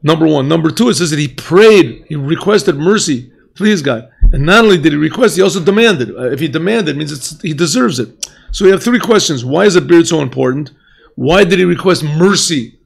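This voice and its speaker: A rabbi teaching a class, asking questions, mixing in Hebrew phrases and often clearing his throat. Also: fairly high pitch, animated, fairly quick. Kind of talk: yeshiva class lecture. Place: yeshiva classroom.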